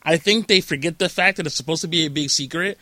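Bright-voiced upbeat male podcast host. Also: on the high side, fast, dry recording. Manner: chatty, upbeat, self-mocking. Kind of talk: casual interview chat.

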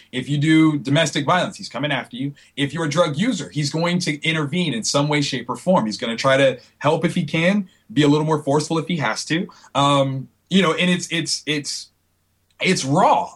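A man, a comic book creator, chatting casually in an interview as an animated storyteller who acts out the people he quotes. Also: on the high side.

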